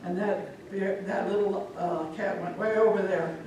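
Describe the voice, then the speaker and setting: A woman from Omaha telling a folk tale live to an audience, animated and speaking directly to listeners. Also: mid-range voice, measured pace, slight background noise. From Omaha, Nebraska. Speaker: storyteller. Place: live public event, echoey room. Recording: echoey hall from far off.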